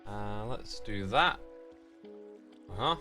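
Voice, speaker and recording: A man's voice: on the low side, expressive, slow pace, sharp tone, faint music behind. A British man streaming a game, thinking aloud and chatting with his viewers in a casual way. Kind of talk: casual livestream commentary.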